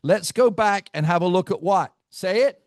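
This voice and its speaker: A man leading a live team training session, brash and teasing, quizzing his audience with rapid questions. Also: high-pitched, no echo, studio quality. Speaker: real estate team trainer.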